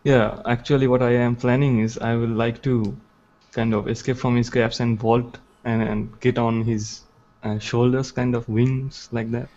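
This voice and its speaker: Man, tabletop player, halting speech, dull lo-fi sound. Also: medium pitch, level tone, a little mellow. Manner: hesitant, halting phrasing. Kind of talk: casual tabletop play.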